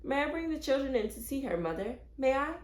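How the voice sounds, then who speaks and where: A woman's voice: high-pitched, very animated, fairly quick, a little mellow, voice pushed up. A woman voicing an eager, curious young girl in a read-aloud storybook, asking question after question. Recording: roomy echo.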